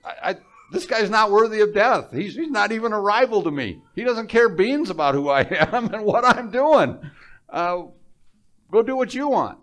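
Man putting on a high, exclaiming Roman governor, brushing things off. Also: animated, moderate pace, a bit bright. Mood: dismissive. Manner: flustered, exclaiming, stammering. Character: exasperated male Roman governor, dismissive.

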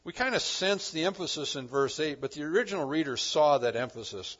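A man preaching a sermon, swinging between loud emphasis and quiet asides. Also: on the high side, lively intonation, fairly quick, highs cut off. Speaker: pastor.

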